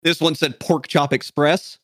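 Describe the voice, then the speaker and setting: A man's voice: on the high side, slightly rough, dry recording, clean studio sound. A young man co-hosting a podcast in casual, joking chat. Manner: animated, joking, quick to laugh. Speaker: podcast co-host.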